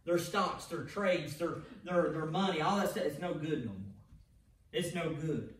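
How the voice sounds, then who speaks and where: A pastor with a fairly high-pitched voice delivers an evening sermon at a measured pace in a church sanctuary. His style is emphatic, and he often repeats words and restarts phrases. The recording sounds echoey, as if captured from a distance in the church.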